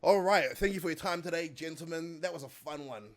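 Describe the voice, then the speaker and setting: A man's voice: fairly high pitch, fairly quick. A man hosting a casual fight-sports podcast, teasing and swearing freely. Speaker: podcast host.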